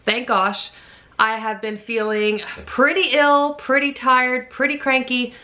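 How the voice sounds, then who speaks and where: A woman in her thirties chatting casually in a vlog, emotional and quick to laugh, sounding tired. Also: high voice, fairly even intonation, bright, forceful tone. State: fatigued. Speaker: vlogger.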